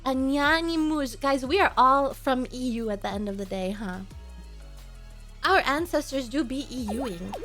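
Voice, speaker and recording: A woman's voice: high voice, expressive, normal speed, fairly bright tone, soft background music. A woman streamer chatting casually with her viewers, teasing them in a playful mock-domineering way and often giggling. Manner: frequent giggles. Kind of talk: casual livestream chat.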